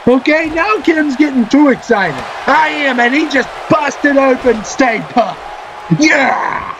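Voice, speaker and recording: High-voiced man shouting excited commentary. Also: takes it slowly, highs cut off, crowd noise, noisy background. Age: adult, a parent. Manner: excitable, often shouting and cheering. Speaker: gaming channel host. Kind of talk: excited play-by-play commentary over a wrestling video game. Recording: loud game music underneath.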